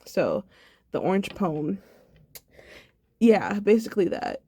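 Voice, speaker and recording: A woman's voice: medium pitch, sing-song, slow, mellow, breathy edge, dry recording, clean studio sound. A sad, subdued young woman in a personal video diary, talking reflectively and rambling with many fillers. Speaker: vlogger.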